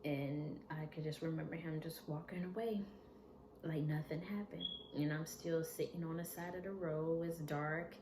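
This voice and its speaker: Earnest woman, low-ish voice, echoey room. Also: fairly even intonation, noisy background. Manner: earnest, halting, confessional. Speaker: vlogger. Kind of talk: personal storytelling.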